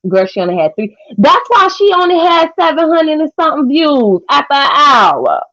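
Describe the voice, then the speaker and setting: Sassy high-voiced woman trash-talking on stream. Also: very animated, moderate pace, no echo. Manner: sassy, trash-talking, loud cackling laughs. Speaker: livestream host. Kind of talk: casual livestream chat with viewers. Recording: dull lo-fi stream audio.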